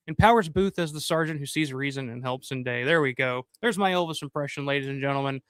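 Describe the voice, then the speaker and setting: A man's voice: medium pitch, quick pace, hardly any pauses, a bit bright, clear, resonant tone, no room sound. A middle-aged man hosting a live stream, chatting loosely and profanely while thanking viewers by name. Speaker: livestream host. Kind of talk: casual live-stream chat.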